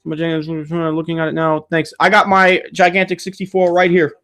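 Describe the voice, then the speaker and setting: Over a streaming setup mic, a channel host reads viewer questions during a laid-back livestream Q&A, rambling, cursing and ranting as he goes. His voice is a little high and fairly bright, with a monotone delivery at a moderate pace.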